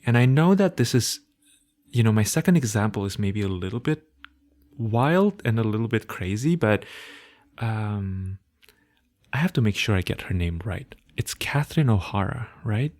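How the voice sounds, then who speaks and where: Male solo podcast host, non-native English speaker, hard-to-place accent, slow and reflective, mid-pitched. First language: not English. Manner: slow, thoughtful, with soft laughs and trailing quiet phrases.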